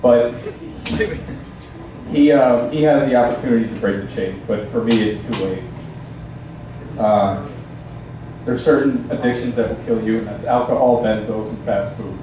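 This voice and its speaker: A young man doing a halting, deadpan stand-up set at a bar open mic night. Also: mid-range voice, noisy background. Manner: halting, deadpan delivery with many ums. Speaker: stand-up comedian. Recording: echoey bar sound from a distance.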